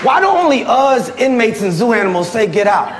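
A man in his forties from Virginia doing a stand-up comedy set, brash and profane with loud outbursts. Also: extremely high pitch, big pitch swings, a little fast, noisy background. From Tidewater, Virginia, USA. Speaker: stand-up comedian, military veteran. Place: comedy club stage. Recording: roomy club with audience laughter. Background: crowd laughing and clapping.

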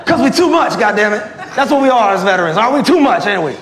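A man in his forties from Virginia doing a profane stand-up comedy set, with loud bursts and laughing through his punchlines. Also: sits high, sing-song, fast. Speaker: stand-up comedian and military veteran. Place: comedy club stage before a live audience. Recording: echoey club with loud crowd laughter.

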